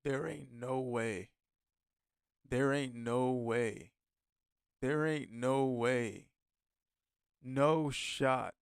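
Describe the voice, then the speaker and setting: Slow, smooth-voiced man reacting. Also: mid-range voice, no room sound, studio quality. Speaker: host reacting to a video. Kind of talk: casual reaction commentary.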